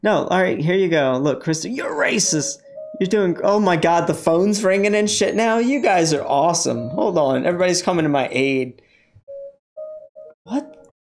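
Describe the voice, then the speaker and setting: A man with a high-pitched voice talks briskly, barely pausing, as he hosts a casual livestream from his car. He rambles, cracks jokes and answers his chat.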